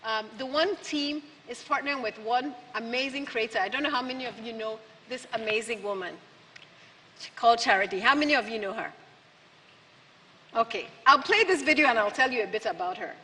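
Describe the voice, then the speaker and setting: A woman's voice: fairly high pitch, brisk, sharp tone, a little hiss or hum. A woman giving a conference speech, punchy and rhetorical with lots of repetition. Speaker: keynote speaker. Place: large conference hall. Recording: hall reverb from the PA.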